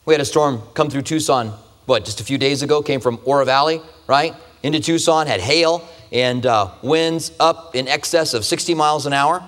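A man's voice: on the high side, moderate pace, a bit bright. A man preaching a conversational sermon, asking the listeners rhetorical questions. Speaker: pastor. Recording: long hall reverb.

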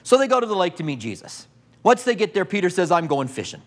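Male preacher, sermon, vivid storyteller, rhetorical questions, slightly high voice. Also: big pitch swings, quick pace.

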